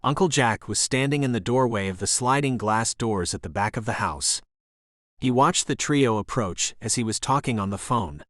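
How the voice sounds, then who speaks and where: A man's voice: mid-range voice, expressive, normal speed, a bit bright, no room sound. Man narrating a thriller, dry sound. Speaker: audiobook narrator. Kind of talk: scripted narration.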